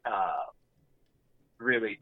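A man's voice: lowish voice, animated, extremely slow, dry recording, narrow, tinny audio. A young man co-hosting a casual chat podcast, telling stories wryly and acting out quotes. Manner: wry storyteller, acts out quotes. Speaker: podcast co-host.

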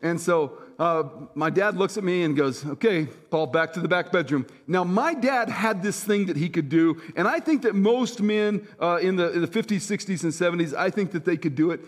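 A middle-aged man serving as senior pastor preaches a sermon in a high voice, chatting conversationally and tossing asides to the congregation. He alternates between loud, punchy lines and slow, soft, hushed passages.

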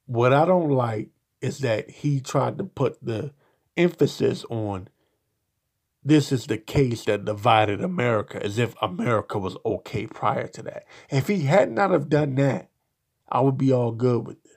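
A man giving blunt, profane solo commentary, slow and halting, with frequent restarts. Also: mid-range voice, vocal fry, a little mellow, slightly rough. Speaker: podcast commentator.

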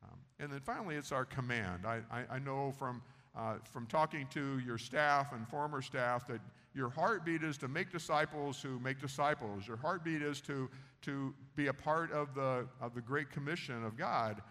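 A man's voice: mid-range voice, normal speed, fairly bright tone. An American man preaching a sermon in an earnest, conversational way, with many fillers and restarts. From United States. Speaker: pastor. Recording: long hall reverb.

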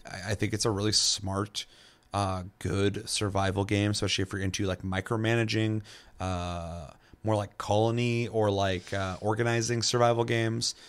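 A man's voice: lowish voice, flat delivery, normal speed. A man co-hosting a podcast, chatting casually about a game, rambling with many fillers and frequent swearing. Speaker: podcast co-host. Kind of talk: casual chat.

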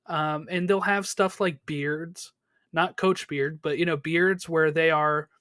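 A man's voice: fairly high pitch, fairly even intonation, takes it slowly, a bit bright, dry recording, studio quality. A man co-hosting a podcast, chatting casually about a TV episode, with lots of fillers and questions to his co-host. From United States. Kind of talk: casual chat recapping a TV episode.

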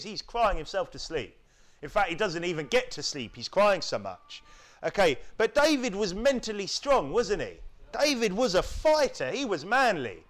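A man's voice: high-pitched, sing-song, moderate pace. A man from the United Kingdom preaching a sermon, peppering his points with tag questions and mocking whiny voices. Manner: rhetorical, keeps asking tag questions; mimics whining voices to mock them.

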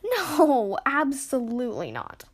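A woman's voice: high-pitched, lively intonation, moderate pace. A woman voicing an eager young boy adventurer.

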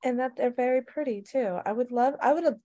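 A woman in casual chat recapping a TV show, animated and swearing freely as she acts out quotes. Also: sits high, quick pace. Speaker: podcast co-host.

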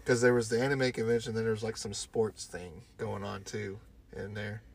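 A man's voice: on the low side, little pitch movement, normal speed, gravelly, breathy edge. A man in his thirties, a podcast co-host, telling a casual story and swearing often. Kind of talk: casual chat.

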